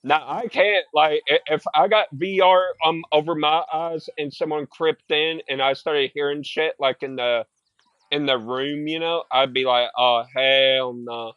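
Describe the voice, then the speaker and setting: A young man chatting while he plays a game. His voice sits a touch high, and he rambles through profane stories full of filler words. The sound is close and dry, with no room echo. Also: fairly even intonation, unhurried, dull audio. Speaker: gaming streamer. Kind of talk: casual chat while gaming.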